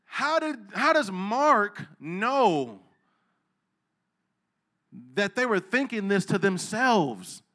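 A man preaching a sermon in a casual, slangy way, asking the listeners questions and swinging between low asides and loud, emphatic preaching. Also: big pitch swings, drawn-out words, pauses often. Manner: casual street slang, asks the crowd questions.

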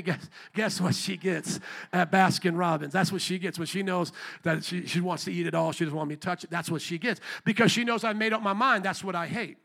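High, bright-voiced preaching man. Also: creaky. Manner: emphatic, calls for amens, slows to stress words. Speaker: pastor. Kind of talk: sermon. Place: church.

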